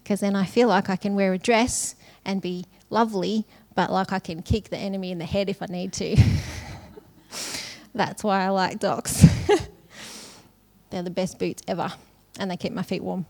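A woman's voice: medium pitch, fairly even intonation, moderate pace, a little mellow. A middle-aged woman giving a sermon in a casual, conversational way, often laughing between phrases. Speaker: conference speaker.

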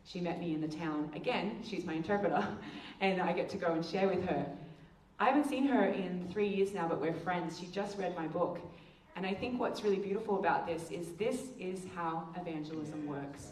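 Lively woman telling a story from afar. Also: slight background noise. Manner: storytelling, acts out quotes with big pitch jumps. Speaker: speaker. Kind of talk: testimony talk. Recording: echoey room, heard from a distance.

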